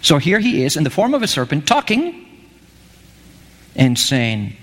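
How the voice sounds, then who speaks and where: A male preacher with a high, very lively voice that swoops up and down as he talks with his listeners and poses questions. His words ring with long hall reverb. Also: measured pace, long pauses. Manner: conversational, asks the audience questions. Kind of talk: sermon. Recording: echoey hall.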